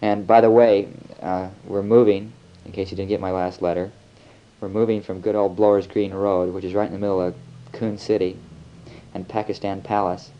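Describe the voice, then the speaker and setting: A man's voice: low voice, level tone, moderate pace. A young American man, a missionary, rambling easily through a spoken audio letter on an old home tape. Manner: easygoing, rambling, chatty. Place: missionaries' flat. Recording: lo-fi home tape with faint hiss.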